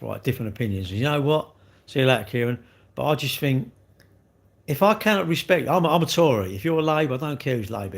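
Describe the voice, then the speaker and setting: A man's voice: medium pitch, gravelly. An English man chatting on a live stream, rambling and blunt as he answers viewers in a slangy way.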